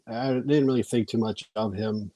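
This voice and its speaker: A man on a podcast, talking quietly and hesitantly while getting over a cold. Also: mid-range voice, steady tone, normal speed. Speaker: podcast guest. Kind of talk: casual chat.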